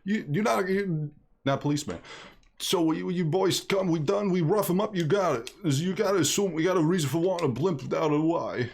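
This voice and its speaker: A man voicing a gruff, bossy male mob boss in a slow, clipped tough-guy gangster drawl. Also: fairly high pitch, darkish tone, voice pushed up.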